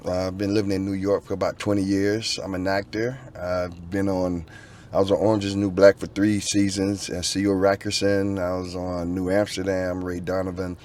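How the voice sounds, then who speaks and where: A middle-aged man from Florida, a guest telling his story in a relaxed, talkative way inside a car. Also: low voice, normal speed. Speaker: guest, actor and former football player. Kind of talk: casual interview.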